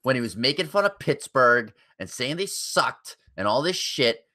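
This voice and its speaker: A man's voice: medium pitch, sing-song, moderate pace, pushed and bright. A man co-hosting a casual podcast chat, sarcastic and swearing freely. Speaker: podcast co-host.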